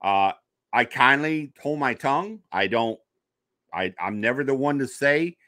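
Male guest storyteller, mid-pitched with a bright edge, animated, slips into quoted voices. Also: unhurried, dry recording. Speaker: podcast guest, paranormal investigator. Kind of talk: personal storytelling in conversation.

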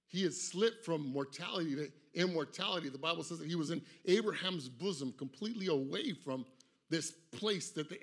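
A man preaching a funeral sermon in a church, swinging from loud, dramatic retellings to soft, low words for the grieving family. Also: slightly rough. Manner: impassioned, rising loud for quoted voices, dropping soft and low for the grieving. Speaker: pastor.

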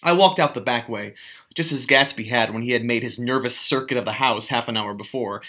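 Bright-voiced male teacher reading aloud. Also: mid-range voice. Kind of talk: audiobook reading of a novel.

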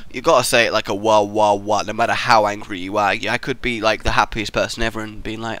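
A young man giving excitable, jokey let's play commentary as he plays through puzzle maps, yelping and shouting when he fails. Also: lowish voice, a little fast. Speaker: gaming YouTuber.

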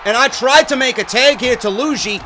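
A man giving excitable, profane wrestling play-by-play over a video game he is playing, often shouting. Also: very high-pitched, normal speed, a little hiss or hum. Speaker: gameplay commentator.

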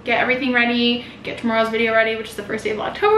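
A woman vlogging casually at home, gushing and excitable as she talks to the camera. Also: fairly high pitch, rapid-fire, echoey room, slight background noise. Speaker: lifestyle vlogger. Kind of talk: casual vlog narration to camera. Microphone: vlog camera mic.

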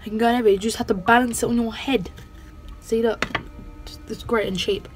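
A playful woman chatting through a game session, her higher-pitched voice bouncing from sing-song silliness to quick asides. She keeps the tone casual and jokey. Her swearing is swapped out for a steady stream of "bloody". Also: loud music behind the voice. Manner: playful, goofy, sing-song bits and silly sound effects; self-censors swearing, says "bloody" a lot. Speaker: gaming channel host. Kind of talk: casual gameplay commentary.

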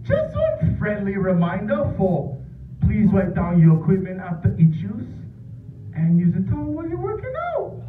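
Comedian putting on a bossy uncle announcer, high shouting, tinny roomy recording from afar. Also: male voice, far from the mic, a little hiss or hum, full character voice. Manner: shouting, sing-song scolding. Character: gruff local uncle gym announcer, bossy, yelling.

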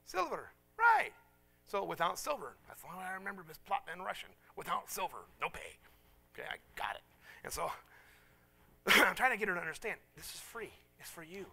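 A man's voice: high voice, brisk, vocal fry, husky. A middle-aged man preaching a sermon, telling stories with self-mocking humor and acting out the people in them. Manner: animated, self-mocking, acts out voices in stories. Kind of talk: sermon with storytelling.

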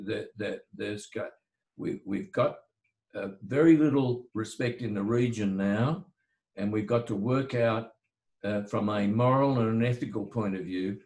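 An older man who is an author and lawyer, talking through history at a book talk, often halting and repeating words as he thinks aloud. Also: on the low side, darkish tone. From Australia. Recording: roomy echo.

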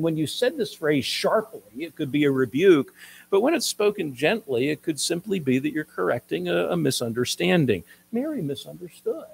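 A man preaching a sermon as pastor, explaining a passage in a measured, teaching way with occasional restarts. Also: fairly high pitch, breathy edge, rough recording.

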